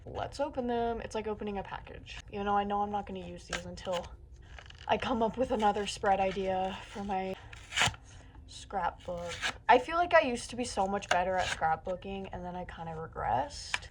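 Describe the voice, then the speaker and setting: With a noisy background behind her, a book vlogger in her late teens rambles anxiously to camera in a casual vlog, swearing frequently. Her mid-range voice moves at a moderate pace.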